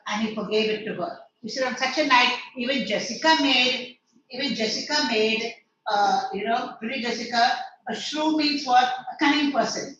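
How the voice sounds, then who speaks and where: A woman's voice: a little high, normal speed, fairly bright tone, slight background noise. A woman teacher, explaining a play line by line in an online lecture. She paraphrases each verse and quizzes her students. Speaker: English teacher. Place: online class. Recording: echoey distant lo-fi online lecture.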